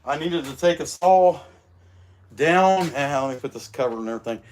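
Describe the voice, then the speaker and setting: A man chatting casually during a livestream as he works, his voice slightly rough from a recent illness, rambling and folksy. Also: fairly high pitch, expressive, normal speed. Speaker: chainsaw carver hosting a livestream. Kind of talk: casual livestream chat while working.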